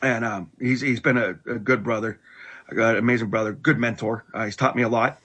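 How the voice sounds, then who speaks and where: A middle-aged man earnestly telling his life story in conversation, halting and restarting often. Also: medium pitch, steady tone, fairly bright tone, husky. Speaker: guest telling his testimony.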